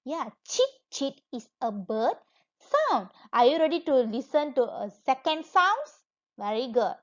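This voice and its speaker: A woman's voice: sits high, big pitch swings, unhurried. A woman with a Malaysian accent teaching a lesson to young children, coaxing them along in a sing-song way. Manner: sing-song, coaxing, imitates animal and object sounds. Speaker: kindergarten teacher. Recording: dull lo-fi recording.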